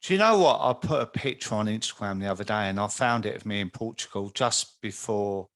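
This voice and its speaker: A man's voice: fairly low pitch, brisk, a bit bright. A man hosting a podcast, chatting in an empathetic way. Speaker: podcast host. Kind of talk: conversational interview.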